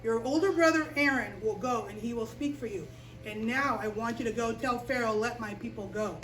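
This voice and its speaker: Woman doing an authoritative male God, slow emphatic commands, voice bright and high, heard from far off in an echoing room. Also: soft background music, natural voice. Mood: commanding.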